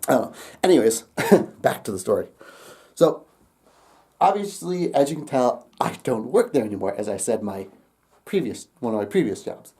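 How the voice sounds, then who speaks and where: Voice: mid-range voice, sing-song, moderate pace, pauses often, warm tone. Young vlogger rambling a storytime to the camera, laughs a lot, swears, voice jumps all over.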